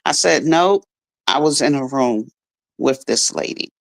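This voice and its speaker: A woman's voice: very deep voice, lively intonation, unhurried, gravelly, dry recording. A middle-aged woman, a radio guest, telling a personal story in an earnest, emotional way. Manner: earnest, emotional, restarts often. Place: radio studio.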